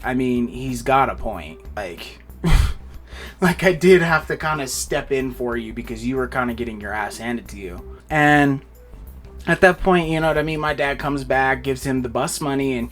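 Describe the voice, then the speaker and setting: Young man telling a wild story. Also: mid-range voice. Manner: animated retelling with voiced quotes. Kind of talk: casual storytime.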